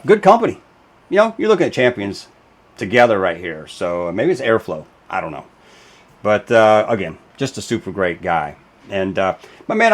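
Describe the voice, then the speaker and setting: A man hosting a racing show, talking casually and emphatically, with lots of fillers and restarts. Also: mid-range voice. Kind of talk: casual commentary video.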